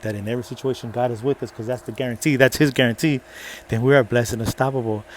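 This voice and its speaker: Man, faith-based motivational monologue, preachy, repeating rallying phrases, mid-pitched voice, faint vehicle noise behind. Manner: energetic, swings between soft and loud. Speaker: motivational vlogger.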